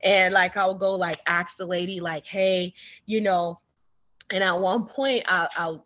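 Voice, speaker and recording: A woman author talks casually through an interview. She tells her story in an animated way and slips into the voices of the people she describes. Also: lowish voice, a little slow, lo-fi sound.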